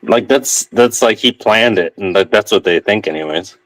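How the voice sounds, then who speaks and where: A man's voice: on the low side, moderate pace, fairly bright tone, low-quality recording. Man reacting with casual swearing. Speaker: panel guest. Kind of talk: casual chat.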